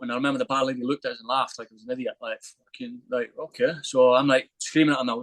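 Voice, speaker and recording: A young man appearing as a podcast guest tells a story fast, in a lively, animated way, swearing freely during the casual interview. His middle-pitched voice sounds close and dry with no room sound, and the recording is rough.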